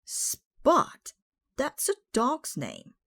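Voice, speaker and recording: A woman's voice: sits high, huge pitch swings, extremely slow, gravelly, bright, forceful tone, no echo, studio quality, pitched above the performer's own voice, heavily acted. A woman reading the lines of a bossy male pirate captain in a children's storybook, with a bold, blustery delivery.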